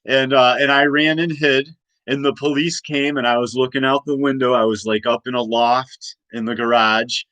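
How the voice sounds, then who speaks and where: A man's voice: medium pitch, steady tone, normal speed, fairly bright tone, no room sound, rough recording. A man in his forties ranting in a late-night monologue, rambling and agitated with many restarts and repeated questions. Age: 40s. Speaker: host.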